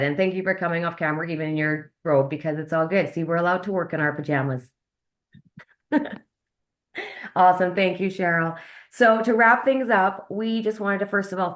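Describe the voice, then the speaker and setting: A woman hosting a live video call presentation, upbeat and chatty, often asking her audience questions. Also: on the low side. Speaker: host of a wellness sales webinar.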